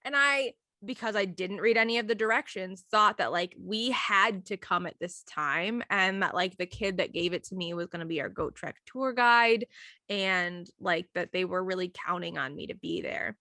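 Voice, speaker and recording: A woman's voice: mid-range voice, normal speed, no room sound, clean studio sound. A young woman co-hosting a casual chat, telling a story animatedly and acting out the people she quotes. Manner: animated, acts out quoted voices, giggly. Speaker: podcast co-host.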